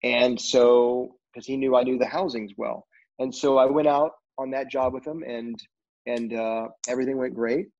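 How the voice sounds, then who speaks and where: A man in casual conversation, telling rambling, animated stories about his career in film, with lots of fillers and restarts. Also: mid-range voice, normal speed. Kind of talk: casual storytelling interview. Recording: dull lo-fi audio.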